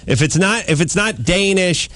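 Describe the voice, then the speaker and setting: A middle-aged man hosting a radio talk show, telling a comic story as an animated rant with sudden shouted outbursts. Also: high voice, moderate pace, dry recording. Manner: animated ranting anecdote with shouted quoted outbursts. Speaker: host. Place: radio studio. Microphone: studio microphone.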